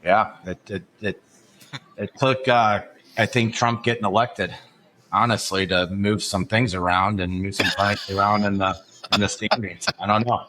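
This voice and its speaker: A man with a low-pitched but bright, forceful voice talks sports on a podcast. He speaks casually and pauses often on "um" as he gathers his thoughts. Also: fairly even intonation, slight background noise. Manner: hesitant, frequent "um" fillers. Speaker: podcast co-host.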